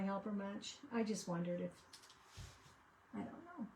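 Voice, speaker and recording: A woman's voice: mid-range voice, expressive, moderate pace, pauses often, darkish tone, poor audio. An older woman chatting casually as she crafts at home, rambling and often trailing off mid-sentence. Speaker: crafting channel host. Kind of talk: casual chat while crafting.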